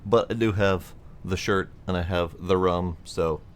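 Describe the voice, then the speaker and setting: A man's voice: deep voice, fairly even intonation, a little slow, a little hiss or hum. A man hosting a gaming video, chatting playfully and rambling through his play session with plenty of fillers. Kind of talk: casual let's-play commentary.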